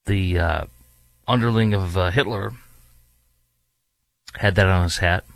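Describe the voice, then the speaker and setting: A man's voice: low voice, unhurried, vocal fry, no room sound. A man hosting his own talk show, delivering a heated, emphatic opinion monologue with many fillers. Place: studio in a large US city.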